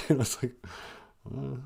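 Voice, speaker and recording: A male podcast host talks in a dry, sarcastic comic manner. His voice sits at an average pitch. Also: fairly even intonation, extremely slow, creaky, a little mellow, husky. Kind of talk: comedic podcast monologue.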